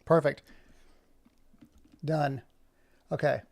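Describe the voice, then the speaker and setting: A video creator edits an animation while chatting casually live, thinking aloud and muttering to himself as he works. His fairly high voice is gravelly and a little mellow, with a flat delivery and drawn-out words.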